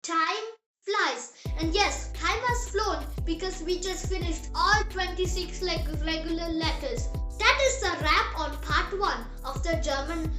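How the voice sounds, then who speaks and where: Language teacher, scripted beginner lesson, very high and bright, unhurried delivery, upbeat and encouraging, echoey room. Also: over music. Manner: slow, deliberate enunciation, repeating example words for the listener.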